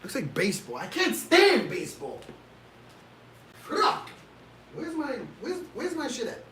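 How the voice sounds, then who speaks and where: Animated high-voiced man ranting on stream. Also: unhurried, a little hiss or hum. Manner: animated, ranting and exasperated, talks to chat. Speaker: livestream host reacting to fights. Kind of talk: casual livestream chat. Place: home room.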